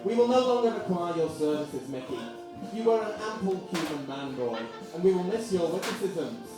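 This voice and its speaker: A man voicing a formal letter from a pompous boss, read deadpan in a live stage sketch. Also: high-pitched, normal speed. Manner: mock-formal, deadpan reading. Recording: echoey theatre from far off, music behind.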